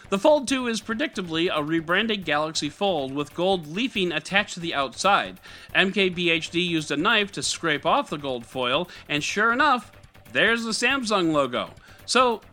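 A man hosts a tech news podcast in a wry, sarcastic tone, his read full of animation. His voice sits fairly high and sounds very bright, with big swings in pitch. Faint music plays underneath. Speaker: podcast host.

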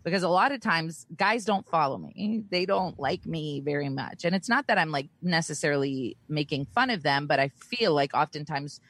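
A woman's voice: sits low, lively intonation, moderate pace, few pauses, fairly bright tone, dry recording. A woman chatting casually on a podcast, rambling and self-conscious, often laughing at herself. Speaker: guest co-host.

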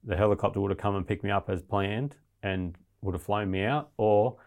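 Deep gravelly man telling a story. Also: fairly quick, darkish tone. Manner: blunt, heavy swearing, rambling. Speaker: guest. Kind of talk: casual storytelling interview.

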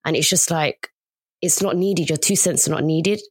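A woman chats casually, chiming in supportively and now and then exclaiming with animation. Her voice sits low for a woman. The recording is close and dry. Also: moderate pace, breathy edge, no room sound. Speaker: podcast co-host. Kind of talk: casual chat.

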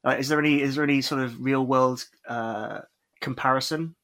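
A man's voice: medium pitch, fairly even intonation, normal speed, fairly bright tone. A man co-hosting a podcast, chatting casually with many fillers and restarts into a podcast microphone. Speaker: podcast co-host.

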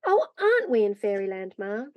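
A woman reading aloud, voicing an excited little boy in a storybook. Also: a little fast, dry recording, phone-quality sound, lightly acted. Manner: high, eager child voice.

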